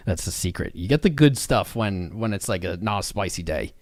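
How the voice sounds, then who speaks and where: A man's voice: lowish voice, animated, moderate pace, long pauses, darkish tone, no room sound, studio quality. A man hosting a live stream, chatting casually with viewers in a rambling, frank, joking way. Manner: rambling, talks to chat viewers.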